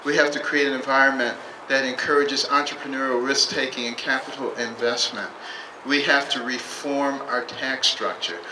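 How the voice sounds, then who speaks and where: A man giving a campaign speech at a public rally. He talks in short, measured, emphatic phrases with some dry humor. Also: mid-range voice, fairly even intonation. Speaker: political candidate. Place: public rally at a state capitol. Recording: echoey, distant mic, noisy.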